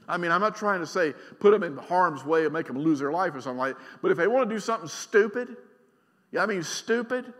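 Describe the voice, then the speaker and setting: A middle-aged man preaching a sermon as pastor. He is emphatic, swings between loud and quiet, and keeps asking the congregation questions. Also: high-pitched, brisk. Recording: long reverb of a large church hall.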